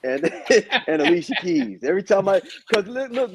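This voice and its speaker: A man's voice: high-pitched, brisk, a little mellow. A man guest on a podcast interview, telling stories in a laid-back, casual way, swearing and acting out what people said. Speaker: guest musician. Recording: dull lo-fi audio.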